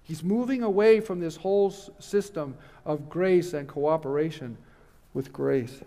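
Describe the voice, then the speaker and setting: Man, middle-aged, earnest emphatic lecture, slightly high voice, echoing church hall. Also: measured pace, mellow. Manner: earnest, emphatic, with wry asides. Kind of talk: conference lecture. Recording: long reverb of a large hall.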